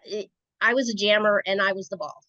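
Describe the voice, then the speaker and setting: A woman's voice: mid-range voice, steady tone, brisk, bright, forceful tone, no room sound. A woman from Rhode Island, a podcast guest, telling stories in a chatty, casual way. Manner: chatty, storytelling. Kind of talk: casual interview chat. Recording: dry, dull lo-fi sound.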